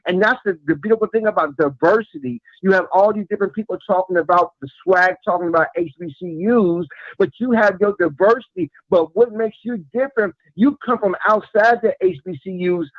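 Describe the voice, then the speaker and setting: A man's voice: high-pitched, a little fast, no room sound. A man calling in to a live show, talking in an earnest, rambling way and repeating himself as he praises the host. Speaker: caller. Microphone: phone call. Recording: muffled phone-in line.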